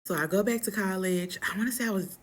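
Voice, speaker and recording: A young adult woman telling a personal story in a casual, animated, dramatic way, full of slang. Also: medium pitch, fast talker.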